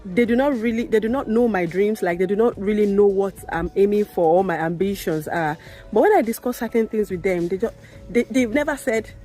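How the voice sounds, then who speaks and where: A woman's voice: brisk, warm tone, faint music behind. A young woman, a midwife, talking candidly to camera in a vlog, emphatic and repeating her points. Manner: emphatic, repeats phrases, rises in pitch when indignant. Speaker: midwife vlogger.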